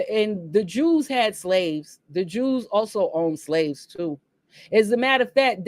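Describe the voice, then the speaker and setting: A woman rants straight into a close mic on her own livestream, blunt and full of swearing. Her voice sits at an ordinary middle pitch. The sound is dry, with no room echo. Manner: blunt, profane, emphatic ranting. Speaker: livestream host. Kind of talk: casual livestream monologue.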